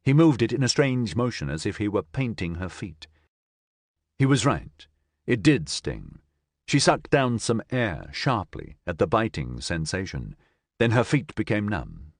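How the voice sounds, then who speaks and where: A man reading a science fiction audiobook in an expressive, dramatic narrating style. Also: on the low side, a little slow, no echo, clean studio sound. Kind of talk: scripted narration.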